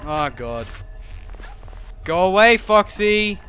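A man's voice: a little high, lively intonation, slow, pauses often, bright, forceful tone. A man playing a horror game, reacting with jumpy swearing and nervous laughter. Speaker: let's play gamer.

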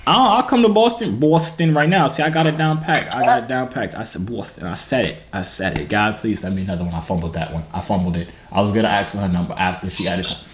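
A man's voice: low-pitched, fast talker, hardly any pauses. Joking young man on a noisy video call.

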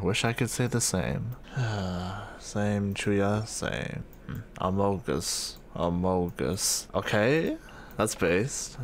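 Male gaming creator, relaxed and jokey; slow delivery, slightly low voice. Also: slight background noise. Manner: laid-back, joking, easily amused. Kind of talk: casual reaction commentary.

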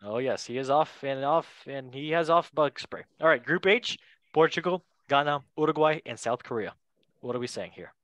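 A young man hosting a casual football podcast, playful and quick to laugh, with goofy asides. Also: medium pitch, fairly bright tone, no echo. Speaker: podcast host.

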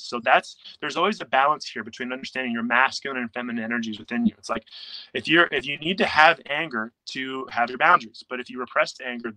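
A young man talking as a coach in a casual interview, animated, often acting out quoted inner voices. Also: medium pitch, dry recording, poor audio.

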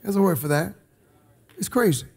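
A man preaching a sermon. He is emphatic, calls out to the congregation, and swings between shouted lines and quiet asides. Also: sits high, expressive, moderate pace.

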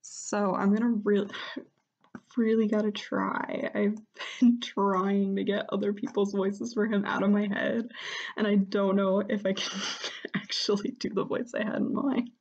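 A woman's voice: medium pitch, little pitch movement, measured pace, darkish tone, lo-fi sound. Self-deprecating, giggly woman. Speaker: voice hobbyist. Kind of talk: casual vlog commentary.

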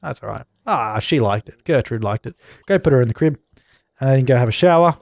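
A man's voice: medium pitch, expressive, a little fast, gravelly, a little mellow, no echo, clean studio sound. A young man doing let's play commentary, bossy and exasperated as he scolds the characters on screen. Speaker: gaming channel host.

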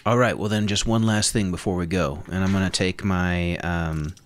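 Player, male, very deep voice, easygoing table talk. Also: steady tone, moderate pace. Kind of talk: casual tabletop game chat.

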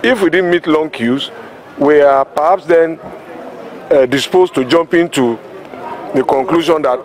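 A man with a Nigerian accent talks to the press outside at a polling unit. His voice sits a little high, and he speaks in a measured, careful way. He hedges often and repeats words to press his points. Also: a faint crowd. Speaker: state governor. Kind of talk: press remarks to reporters.

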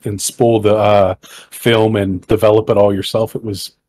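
A man's voice: fairly low pitch, flat delivery, normal speed, a little mellow, a little hiss or hum. An American man co-hosting a podcast, chatting casually and arguing in a playful, joking way. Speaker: podcast co-host. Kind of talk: casual chat.

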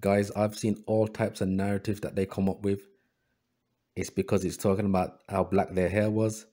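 Hosting a history channel, this man has a lowish voice and keeps a moderate pace. His habit is to read book passages evenly before following them with sarcastic comments.

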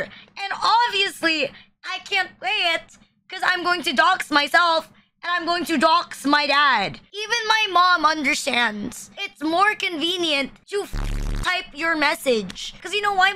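A woman's voice: very high voice, pushed and bright. A woman streamer giving casual reaction commentary, blunt, swearing often and joking at her own expense. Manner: blunt, swears often, self-deprecating jokes. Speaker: VTuber streamer reacting to memes.

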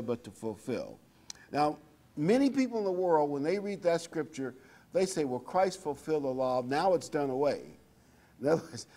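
A man preaching a sermon in a relaxed, conversational way, reading scripture aloud between his own remarks. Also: medium pitch. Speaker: pastor.

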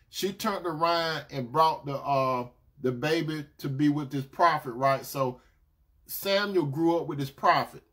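A preacher carries a sermon in a fairly high voice. He talks in a relaxed, conversational way, restarting phrases as he goes and checking in with his listeners with a quick "right?". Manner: storytelling, with frequent "right?" asides to the listeners.

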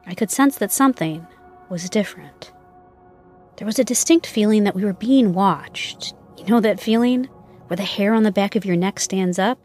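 A woman's voice: medium pitch, a little mellow. Woman narrating a scary story. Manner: measured storytelling, first-person. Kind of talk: scripted narration.

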